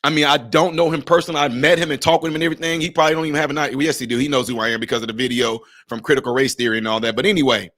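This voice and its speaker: A man's voice: mid-range voice, very fast, few pauses, fairly bright tone. A man giving emphatic, conversational commentary in a vlog, speaking directly to his viewers.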